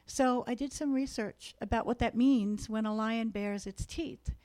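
A woman's voice: a little high, unhurried, darkish tone. A woman preaching a sermon in a church meeting room, earnest and exhorting as she speaks to the room.

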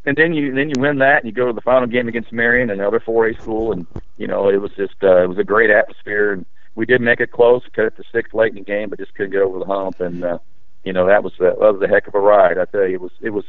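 A man recalling his high school basketball days in a rambling, casual way, full of restarts and fillers. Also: steady tone, quick pace, no echo. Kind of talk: storytelling in a casual interview. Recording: dry, tinny phone-line sound.

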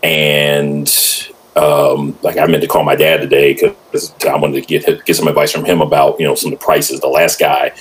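A middle-aged man co-hosting a casual podcast, ranting in a profane, storytelling way and jumping up in pitch when he quotes people. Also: level tone, normal speed, rough recording. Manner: profane, ranting storyteller who jumps high in pitch when quoting others. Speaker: podcast co-host. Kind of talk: casual chat. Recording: faint background noise.

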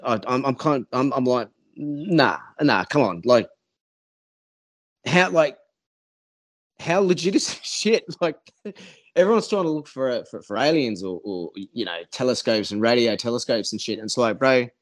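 Aussie bloke rambling thru a story, swears constantly, mid-pitched voice. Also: male voice, lively intonation, moderate pace. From Australia. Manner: rambling, heavy swearing, acts out quotes. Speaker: podcast guest. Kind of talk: casual storytelling chat.

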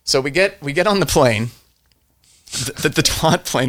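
A man's voice: a little high, lively intonation, moderate pace, a bit bright, dry recording, studio quality. Rambling man telling war stories. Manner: rambling, self-interrupting, laughs often. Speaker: podcast guest, army veteran. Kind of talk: casual storytelling.

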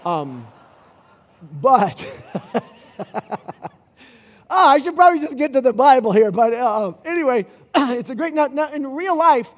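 A man giving a casual sermon in a church, retelling a film scene in an animated, rambling way. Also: very high-pitched, unhurried, pauses often, long reverb tail. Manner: animated storytelling with asides and restarts. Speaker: pastor.

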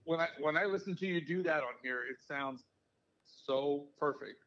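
Man, podcast guest, easygoing anecdotes, slightly high voice. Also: normal speed, dull audio. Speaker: podcast guest, business owner. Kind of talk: casual chat.

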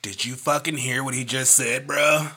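A man's voice: mid-range voice, fairly even intonation, normal speed, pushed and bright, slightly rough, pitched above the performer's own voice. A man imitating a laid-back dude friend, drawling in an amazed way. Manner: drawling surfer-dude delivery.

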